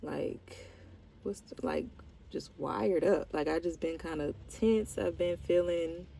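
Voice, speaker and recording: Gravelly-voiced woman in a candid vlog. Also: lowish voice, slow pace, warm tone, a little hiss or hum, poor audio. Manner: rambling, heartfelt, fillers of "like". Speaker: vlogger. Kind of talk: candid personal vlog confession.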